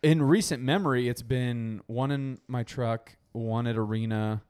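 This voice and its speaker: A man's voice: mid-range voice, unhurried, a little mellow, smooth. A man in his thirties in casual podcast chat, blunt and crude in his jokes. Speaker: podcast co-host.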